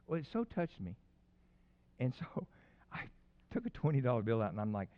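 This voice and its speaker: A man's voice: mid-range voice, big pitch swings, brisk, pauses often, highs cut off. A man preaching a sermon as pastor, telling rambling personal stories with many restarts.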